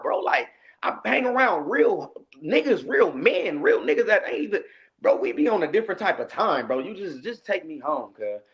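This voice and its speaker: A man telling a story in a casual interview, animated and acting out the lines he quotes. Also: high-pitched, highs cut off. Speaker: guest, rapper.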